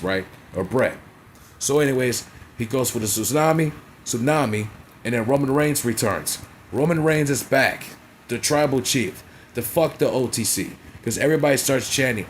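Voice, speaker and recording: A man's voice: medium pitch, a little hiss or hum. A man casually recapping a wrestling show in a vlog, blunt and profane, constantly checking in with "right?" and "you feel me?".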